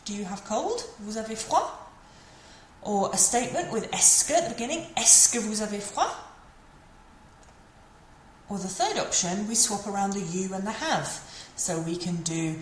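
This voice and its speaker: Woman, mid-pitched teacher, patient and repetitive explainer, roomy recording with light background ambience. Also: big pitch swings, moderate pace, a little hiss or hum. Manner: patient, repeats and models French phrases. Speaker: French teacher. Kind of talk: explanatory language lesson. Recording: echoey room, faint ambience.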